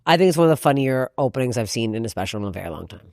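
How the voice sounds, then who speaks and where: Loud, swearing comedian woman. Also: a bass voice, big pitch swings, racing, no echo, studio quality. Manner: loud, swearing, laughing often. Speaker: comedian guest. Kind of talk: casual podcast chat.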